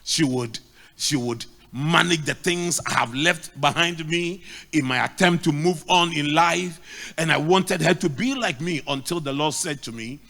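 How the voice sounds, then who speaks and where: Middle-aged Ghanaian pastor, male, raised pitch, preaching with emphatic repetition. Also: a little slow, sharp tone. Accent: Ghanaian English. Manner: emphatic preaching with repeated lines. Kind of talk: sermon.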